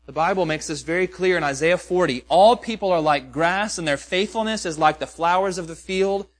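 A man's voice: high-pitched, fairly quick. A pastor preaching a sermon, earnest and questioning, with many rhetorical questions to his listeners.

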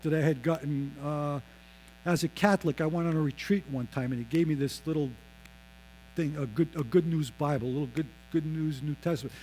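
A man in his fifties telling a personal faith testimony, acting out the voices of others and dropping low and slow on solemn lines. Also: a little mellow, a little hiss or hum, poor audio. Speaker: speaker giving his testimony.

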